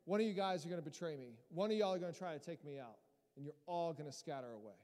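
A blunt male mafia boss warns his men, in a preacher's clumsy impression. The delivery is rushed and self-mocking rather than polished. A long reverb carries the voice. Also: a little high, mellow, lightly acted. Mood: menacing.

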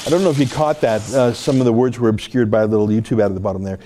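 A man's voice: mid-range voice, steady tone, rapid-fire, background noise. A man from Alberta, hosting political commentary in an emphatic, argumentative way with frequent fillers and restarts. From Alberta, Canada. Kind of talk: opinionated commentary.

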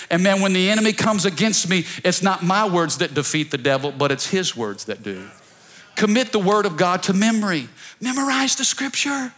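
A man pastor preaching a sermon to his church, calling on the congregation to repeat after him and swinging between soft pleading and loud shouts. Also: high-pitched. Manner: preaching with call-and-response, rising to shouts. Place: church service.

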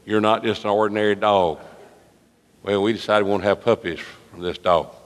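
A man preaching a sermon, folksy and storytelling, climbing to high impassioned cries when he prays. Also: steady tone, normal speed. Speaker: pastor. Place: church sanctuary. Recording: long reverb of a large hall.

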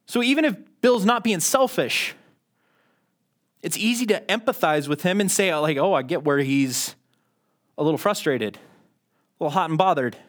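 A man's voice: a little high, expressive, normal speed, long pauses. A man preaching a sermon in a conversational, self-deprecating way, often restarting his sentences. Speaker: pastor.

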